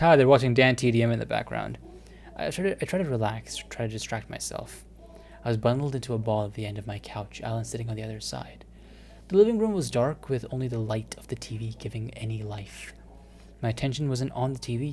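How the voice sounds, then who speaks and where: A man's voice: mid-range voice, creaky, darkish tone. A man reading a visual novel aloud, breaking off into flustered, jokey, stammering commentary. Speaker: gaming video creator.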